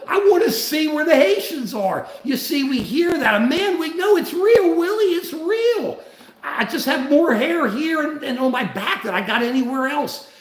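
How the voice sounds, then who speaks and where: A man's voice: very high voice, roomy sound. An older man hosting a political livestream, blunt and ranting, greeting viewers between points. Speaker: livestream host.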